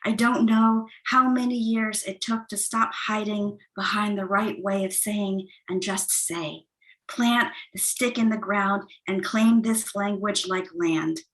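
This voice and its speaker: A woman from the United States reading her poems on a video call, soft and measured. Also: mid-range voice, steady tone, rough recording. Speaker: poet. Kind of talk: poetry reading.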